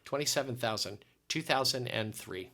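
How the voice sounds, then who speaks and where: A man guest telling an expressive, self-deprecating story in an interview, with frequent restarts. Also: medium pitch, moderate pace. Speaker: guest consultant.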